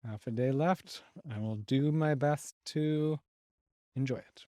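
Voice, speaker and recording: Playful man, mid-pitched voice, dry sound. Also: dark tone, no echo. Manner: playful, easygoing, quick to laugh. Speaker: podcast guest. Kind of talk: casual chat. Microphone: video call.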